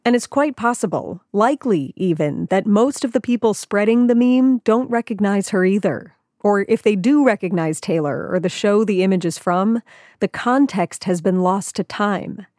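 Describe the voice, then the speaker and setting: A woman's voice: medium pitch, expressive, moderate pace, a little mellow, no echo, clean studio sound. A woman co-hosting a podcast, narrating in a conversational scripted way with a lightly wry, questioning manner. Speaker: podcast co-host.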